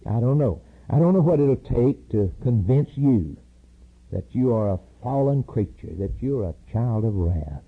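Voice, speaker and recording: A man preaching a fiery sermon, pleading with his listeners and rising to loud emphatic peaks. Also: mid-range voice, expressive, measured pace, slightly rough. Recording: tinny phone-like old sermon tape.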